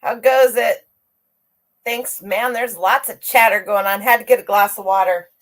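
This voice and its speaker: A middle-aged woman with a medium-pitched, fairly bright voice hosts a casual livestream at normal speed and a steady tone. She's chatty and upbeat, greeting viewers in the chat by name.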